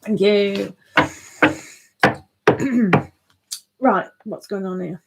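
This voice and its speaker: A woman's voice: medium pitch, extremely slow, creaky, very noisy. A woman giving a casual tarot reading on a live stream, chatty and thinking aloud, laughing often.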